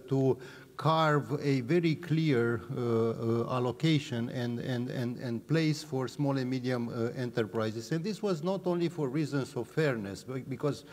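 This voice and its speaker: Expert guest: mid-pitched man, halting and filler-heavy, hall echo. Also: a little mellow. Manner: hesitant, many uh fillers and restarts. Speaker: panel guest, policy expert. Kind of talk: panel answer. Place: large hall or hangar. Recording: long hall reverb.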